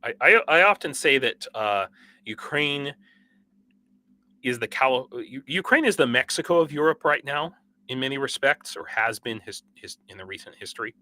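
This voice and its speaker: A young man with a bright, forward voice chats through a livestream, worn out from a sleepless night and wired on coffee. His talk rambles and halts, full of restarts and fillers, and he breaks into short laughs between viewer comments. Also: mid-range voice, lively intonation, moderate pace. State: sleep-deprived and over-caffeinated. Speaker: livestream host. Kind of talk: casual livestream chat reading viewer comments.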